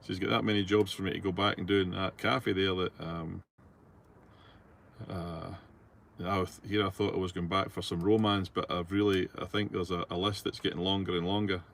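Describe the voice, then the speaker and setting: A man's voice: deep voice, gravelly, a bit bright. A middle-aged man with a Scottish accent, driving his truck and chatting casually as he reads out viewer messages, rambling and easygoing with plenty of fillers. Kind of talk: casual chat while driving. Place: truck cab on the road.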